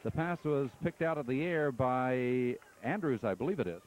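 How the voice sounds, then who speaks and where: Brisk man calling football on radio. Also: medium pitch, slight background noise. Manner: brisk, steady play-calling. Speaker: play-by-play announcer. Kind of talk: radio play-by-play commentary. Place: press box at a football stadium.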